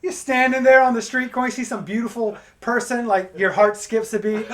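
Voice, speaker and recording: A man doing a stand-up comedy set, crude and energetic, breaking into acted-out voices for his punchlines. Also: extremely high pitch, brisk, few pauses, a crowd in the background. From Pacific Northwest of the USA. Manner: crude, energetic joke delivery with acted-out quotes.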